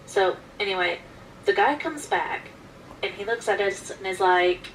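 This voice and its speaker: A woman casually telling a personal story in an animated, emphatic way, recorded from some distance. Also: medium pitch, moderate pace, slight background noise.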